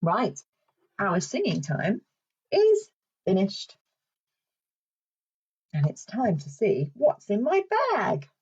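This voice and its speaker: A woman's voice: medium pitch, sing-song, slow pace, husky, dull audio. A woman with a British accent, a speech and language therapist leading a children's session in a playful, sing-song way. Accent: British English.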